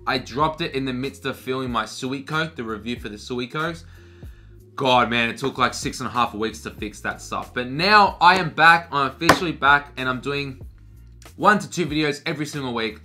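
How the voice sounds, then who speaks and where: A man's voice: mid-range voice, moderate pace, sharp tone, soft background music. A young man chatting casually in a Q&A vlog, loose and slangy, swearing freely and talking between bites of cereal. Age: young adult. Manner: talks while eating cereal. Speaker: fashion vlogger. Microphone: camera mic.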